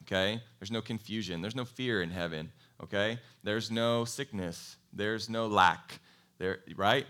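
A man preaching a sermon in a conversational, animated way, telling a Bible story and asking his congregation questions. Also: lowish voice, a little slow. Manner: animated storytelling, acts out quoted voices. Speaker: pastor.

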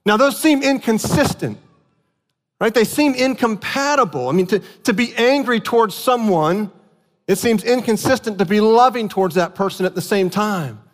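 A man preaching a sermon, telling a family story with animated outbursts and earnest explanation. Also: sits high, normal speed. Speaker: pastor. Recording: long hall reverb.

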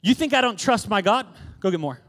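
A man's voice: high voice, animated, a little fast, a bit bright, pitched above the performer's own voice. A man playing a confident prophet who orders his helpers around in an acted sermon skit, brash and teasing. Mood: bossy, confident.

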